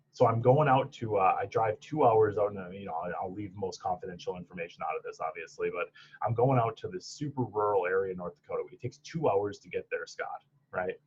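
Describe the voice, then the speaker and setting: A man's voice: sits low, a little fast, muffled recording, slight background noise. A man from Michigan's Upper Peninsula, a podcast guest talking casually about his clinical training, rambling with many restarts and laughs. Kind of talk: casual interview chat.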